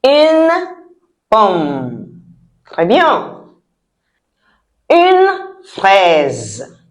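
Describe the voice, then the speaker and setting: A woman teaching French vocabulary, saying each word slowly and lifting her voice on the articles. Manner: slow drawn-out model words with high lifted articles. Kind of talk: repeat-after-me vocabulary lesson.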